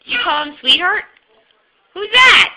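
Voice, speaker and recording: Bright, lively sing-song woman. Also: very high voice, a little slow, poor audio. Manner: sing-song, teasing questions to a toddler. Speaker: aunt filming her niece. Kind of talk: playful home-video chat with a small child.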